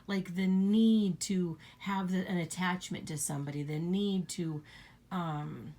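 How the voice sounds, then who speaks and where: A woman's voice: fairly low pitch, fairly even intonation, unhurried, warm tone. A woman giving an earnest, blunt spiritual talk to her viewers, repeating her points and swearing freely. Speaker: spiritual channel host.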